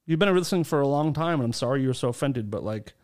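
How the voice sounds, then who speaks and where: A man's voice: mid-range voice, animated, darkish tone. A man hosting a casual podcast, teasing his co-hosts and reading listener comments in a joking, loose way. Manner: joking, teasing, drawn-out filler words. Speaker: podcast host.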